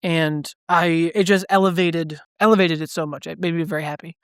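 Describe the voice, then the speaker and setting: On a podcast he co-hosts, a man wanders loosely through his stories in casual conversation, dropping "like" constantly. His voice is on the high side with fairly even intonation, a moderate pace, and a fairly bright, clean tone, captured with studio quality and no echo.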